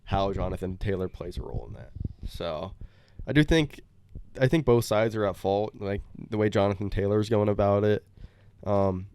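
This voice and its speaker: A man's voice: fairly low pitch, normal speed, darkish tone, smooth. A young man co-hosting a casual sports podcast, talking hesitantly with many fillers. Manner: hesitant, lots of fillers and restarts. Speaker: podcast co-host.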